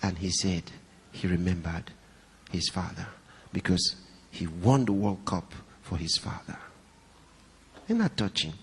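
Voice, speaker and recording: A male pastor preaching a sermon to a live congregation, swinging between raised, high emphasis and hushed, low storytelling, and putting questions and asides to the audience. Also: expressive, a little slow, gravelly, pauses often, slightly rough. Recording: long hall reverb.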